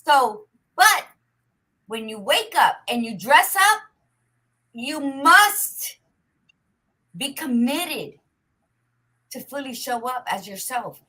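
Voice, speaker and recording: A woman's voice: high voice, sing-song, takes it slowly, long pauses, sharp tone, low-quality recording. A woman co-hosting a casual talk show, speaking emphatically and preaching with frequent swearing. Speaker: podcast co-host. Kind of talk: casual chat.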